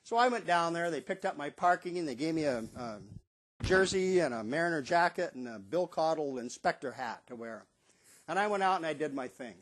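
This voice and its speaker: A man's voice: on the high side, fairly quick. A man in his seventies telling stories in a casual monologue about his years as a stadium bugler, acting out what people said in a raised voice. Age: 70s. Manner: animated storyteller who acts out quotes in a raised voice.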